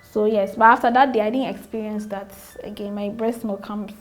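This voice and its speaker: A woman's voice: mid-range voice, steady tone, normal speed. A young adult woman with a Ghanaian accent, a guest telling her own story earnestly, repeating phrases and acting out remembered exchanges. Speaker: interview guest, new mother. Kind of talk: candid personal storytelling.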